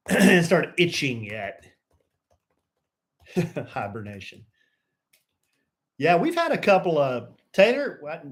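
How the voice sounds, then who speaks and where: A middle-aged man co-hosting a live stream, greeting viewers by name and teasing his co-host in casual banter. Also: on the high side. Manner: playful, teasing, lively banter.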